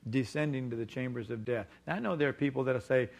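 A middle-aged man preaching a sermon emphatically, slowing down to stress key words. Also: mid-range voice, gravelly.

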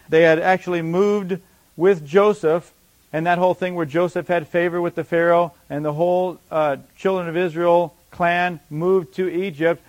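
A man with a high voice preaches a sermon in an easy, conversational way. He asks the congregation rhetorical questions and answers them himself, and his voice swells with emphasis as he presses a point. When he reads scripture, his delivery becomes slow and deliberate. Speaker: pastor.

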